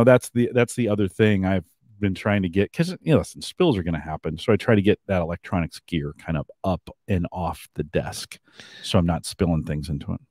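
Male host, lowish voice, meandering casual talk, dry studio sound. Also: darkish tone, no room sound. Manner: rambling, filler-heavy, reads chat comments. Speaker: podcast co-host. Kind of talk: casual live-stream chat.

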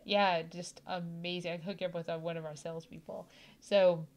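A woman's voice: on the low side, flat delivery, moderate pace. A woman hosting a casual chat, bubbly and enthusiastic and laughing often between thoughts. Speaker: host.

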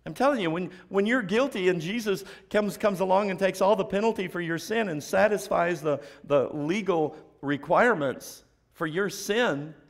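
A man preaching a sermon as pastor, firing off rhetorical questions and dropping to a hushed near-whisper for emphasis. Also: high-pitched, normal speed, creaky. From United States.

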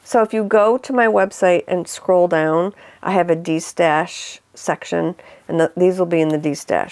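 A woman's voice: lowish voice, darkish tone, no room sound. A middle-aged woman with an upstate New York accent, chatting casually as a knitting podcast host and showing off yarn, with frequent laughs and asides. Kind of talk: casual show-and-tell chat.

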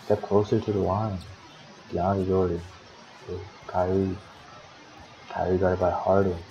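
Low, flat and unhurried, a man calls his own team's simulated basketball game as its manager in a sim league. He keeps it casual, curses often, and grumbles at his players. The recording is dull and lo-fi with slight background noise.

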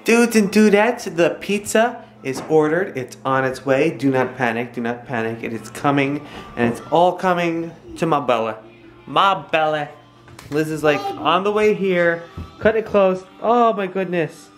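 A young family vlogger chats casually to camera, talking directly to her viewers and slipping into playful baby talk with her toddler. Her deep voice has lively intonation and a slightly slow pace, with soft music in the background.

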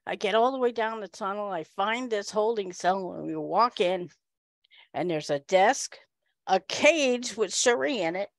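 A woman giving a humorous storytelling speech at a speaking club, animated and acting out the people in her story. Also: mid-range voice, unhurried, no echo.

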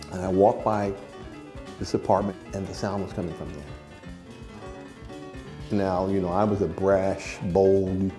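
A man's voice: on the low side, dark tone. A man, a jazz musician, recalling memories in an earnest, reflective way during an interview. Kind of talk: storytelling interview.

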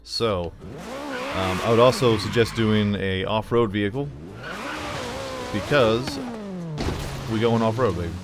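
A man hosting a let's play video, giving excitable, jokey commentary while he plays. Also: fairly low pitch, a little slow, pauses often, music in the background. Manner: excitable, jokey, loud sign-off. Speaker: gaming channel host.

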